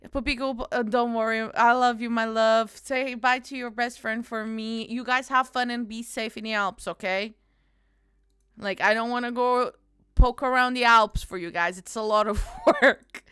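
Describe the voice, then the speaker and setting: A woman game streamer chatting casually with her viewers, bubbly and quick to laugh, calling people darling. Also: a little high, fairly even intonation, clear, resonant tone, no echo, studio quality. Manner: bubbly, bursts into loud panicked squeals and laughter. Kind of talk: casual live-stream chat.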